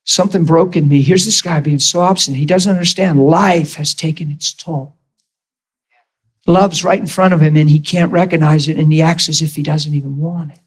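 Husky high-voiced preacher telling a story. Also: male voice. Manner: emotional storytelling, acts out quotes. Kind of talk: sermon testimony.

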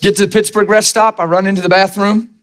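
A man's voice: sits high, fast talker. A middle-aged man preaching a sermon, telling a personal story and acting out the voices in it. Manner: animated storyteller, acts out voices, laughs.

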